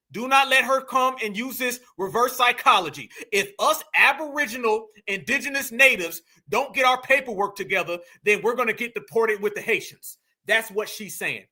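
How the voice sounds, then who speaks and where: A man hosting a live stream, reacting to a clip with loud, mocking, dismissive commentary and lots of repetition. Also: very high-pitched, moderate pace. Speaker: livestream host.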